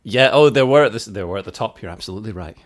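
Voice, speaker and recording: A man's voice: lowish voice, lively intonation, very fast. A man co-hosting a podcast in casual chat, introducing his own song with a hesitant manner. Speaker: podcast co-host and songwriter.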